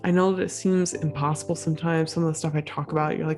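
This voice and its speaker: Soft music plays behind a woman hosting a solo podcast. She talks fast in a low, darkish voice with fairly even intonation, chatting casually and encouragingly with many fillers despite being sick and a little breathless.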